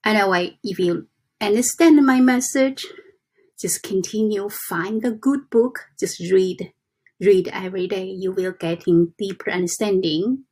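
A woman giving a casual motivational talk to her viewers, soft and halting, with frequent restarts and slow deliberate reading aloud. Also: mid-range voice, breathy edge. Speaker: self-help vlogger.

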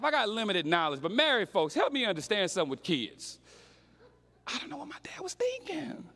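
Young male preacher, high voice, slangy storytelling sermon. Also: sharp tone, long reverb tail.

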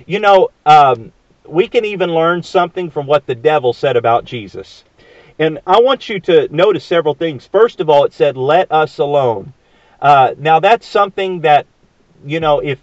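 A man's voice: fairly high pitch, no echo, muffled recording. A man preaching a sermon, earnest and emphatic, with frequent fillers and rhetorical questions.

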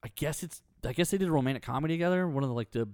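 A man co-hosting a podcast, telling animated stories in casual chat. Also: on the high side, very fast, dry recording, studio quality. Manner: animated storyteller. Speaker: podcast co-host.

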